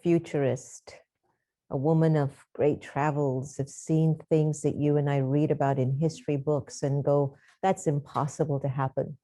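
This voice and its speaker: A woman's voice: deep voice, little pitch movement, measured pace, dark tone. A woman hosting an event, introducing a guest with effusive praise. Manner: effusive, admiring. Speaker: host.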